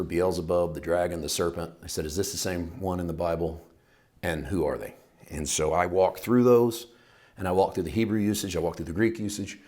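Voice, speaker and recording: A man's voice: sits low, darkish tone. A man teaching a Bible study lesson, talking in a conversational, emphatic way and asking his listeners questions.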